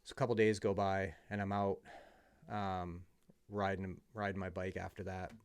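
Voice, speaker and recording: Middle-aged man, from the US, gravelly fry, low voice, candid conversational storyteller. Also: level tone, moderate pace. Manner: candid, conversational, drops to a hush at emotional moments. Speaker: podcast guest. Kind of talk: casual storytelling.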